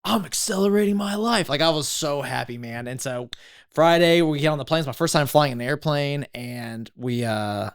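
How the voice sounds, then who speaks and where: A man's voice: mid-range voice, moderate pace, clean tone. A man from East Texas, a podcast guest in his thirties telling stories in a laid-back, slangy way. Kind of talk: casual storytelling interview.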